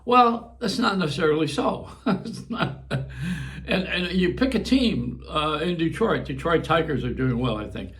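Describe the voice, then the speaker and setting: A man's voice: fairly high pitch, animated, measured pace, a bit bright. An older man, a longtime radio host from Buffalo with a New York accent, rambling through a casual monologue and chuckling as he digresses.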